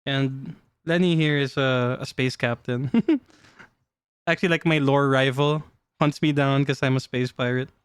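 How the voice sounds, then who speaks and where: A man streaming live, chatting casually with his chat while showing cards, playful and quick to laugh. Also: mid-range voice, steady tone, smooth, no room sound. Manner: playful, giggly, talks to chat. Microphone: desk mic.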